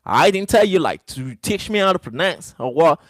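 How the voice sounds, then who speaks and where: Lively, defiant male streamer. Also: a little high, moderate pace, no echo. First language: not English. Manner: defiant, repeats "brother" and "you know". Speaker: livestreamer. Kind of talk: live stream rant to chat.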